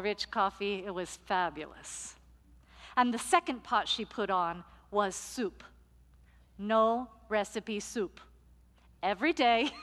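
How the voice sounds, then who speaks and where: Woman pastor preaching in a reverberant hall. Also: mid-range voice. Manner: storytelling, lively, playful. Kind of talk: sermon. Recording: long reverb of a large hall.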